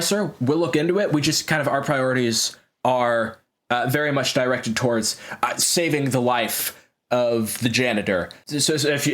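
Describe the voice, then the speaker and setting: A man voicing a harried, apologetic male doctor who stammers while rushing. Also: mid-range voice, a bit bright, lightly acted. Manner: flustered, stammering.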